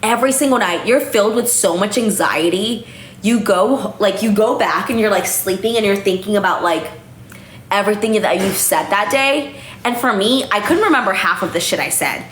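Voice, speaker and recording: In an echoey room with faint noise, a young woman hosts a laid-back livestream from home, chatty and a touch tipsy, with frequent fillers and casual swearing. Her mid-range voice is fairly bright and runs at normal speed.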